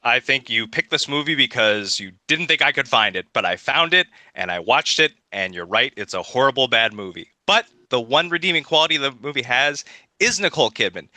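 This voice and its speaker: Sharp, dry-sounding man rebutting. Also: medium pitch, lively intonation, a little fast, dry recording. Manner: combative, rebuts firmly. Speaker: podcast debater. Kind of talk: casual debate chat.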